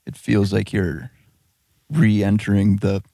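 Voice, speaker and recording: Gravelly laid-back man. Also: fairly low pitch, steady tone, takes it slowly, dark tone, dry recording, studio quality. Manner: laid-back, brief replies. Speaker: podcast co-host. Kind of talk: casual chat.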